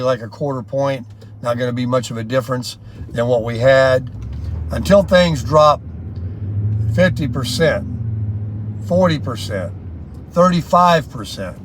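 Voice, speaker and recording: A man's voice: medium pitch, slight background noise. A man talking in a casual, rambling, folksy vlog style. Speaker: vlogger.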